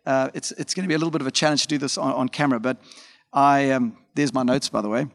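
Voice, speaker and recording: Pastor preaching in a reverberant hall. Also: male voice, mid-range voice, fairly even intonation, quick pace. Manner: informal storytelling with frequent fillers and asides. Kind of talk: conversational sermon.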